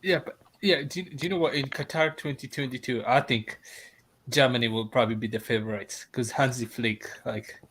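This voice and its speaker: A man's voice: medium pitch, steady tone, fairly quick, a bit bright, poor audio. A man chatting casually, hesitant and restarting often. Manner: hesitant, restarts with many "wait"s. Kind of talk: casual chat.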